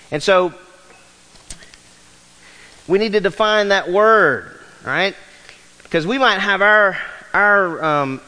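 Male pastor, 50s, high voice, emphatic preacher asking the room questions; long hall echo. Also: pushed and bright. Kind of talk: sermon. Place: church sanctuary. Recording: long reverb of a large hall.

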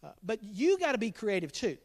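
Middle-aged youth pastor, jokey and teasing, high animated voice, long hall reverb. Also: male voice, a little fast. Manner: jokey, teasing, laughs at his own jokes. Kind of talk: playful dad jokes to an online youth group.

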